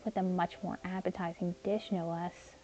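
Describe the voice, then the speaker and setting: A woman narrating a first-person audio story as a caring, protective young man named Caleb, in an earnest, steady manner. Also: lowish voice, normal speed, lo-fi sound, faint music behind. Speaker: narrator and voice actor.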